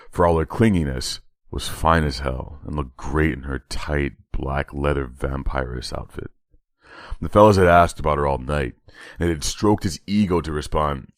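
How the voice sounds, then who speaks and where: A man narrating a horror short story in a measured, dramatic read. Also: rumbling low, dry recording, clean studio sound.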